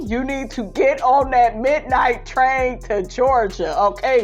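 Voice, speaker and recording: Her voice is high and slow, with few pauses and faint music in the background. She's a sassy gossip host covering reality TV, reading viewer comments, calling listeners honey, and often dissolving into fits of laughter.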